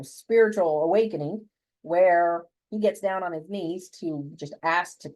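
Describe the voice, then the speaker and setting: Woman guest with a lowish, husky voice; expressive storyteller whose pitch swings widely, acts out quoted voices. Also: poor audio. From United States. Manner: animated, acts out voices when quoting people. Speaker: interview guest. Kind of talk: personal storytelling.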